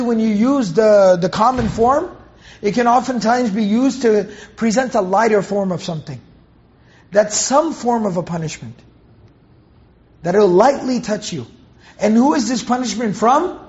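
A man with a strikingly high voice teaches a Quran commentary lesson. He breaks down each word and keeps posing rhetorical questions. The recording sounds dull and lo-fi.

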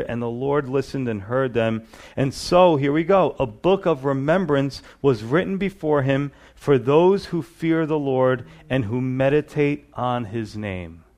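A man's voice: mid-range voice, a little mellow. A man preaching a sermon in an earnest, conversational way, often asking the listeners questions.

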